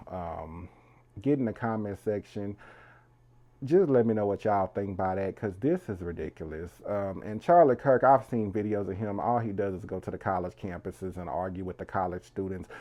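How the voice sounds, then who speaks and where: A man giving casual commentary to his viewers, calling them y'all and trailing off softly at the ends of his lines. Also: deep voice. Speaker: commentary video creator. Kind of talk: casual direct-to-camera commentary.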